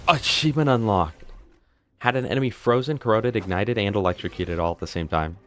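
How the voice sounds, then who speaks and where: A man's voice: lowish voice, fast. A man streaming a video game live, joking around and chatting to his viewers. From United States. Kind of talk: live gameplay commentary.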